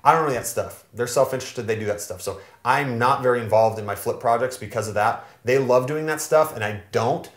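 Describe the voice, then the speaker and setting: Brief: fast, animated male investor-mentor, casual advice, roomy echo. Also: medium pitch. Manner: energetic, animated storytelling. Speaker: real estate investor and mentor.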